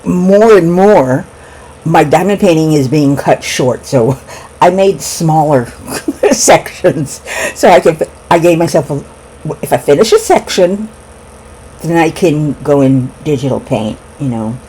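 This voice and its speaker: A woman's voice: low voice, lively intonation, measured pace, mellow, husky, rough recording. A middle-aged woman vlogging casually at home, giggling often and rambling while she eats breakfast. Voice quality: giggly, laughs between words. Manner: rambling, talks with mouth full over breakfast. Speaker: craft vlogger. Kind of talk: casual chat.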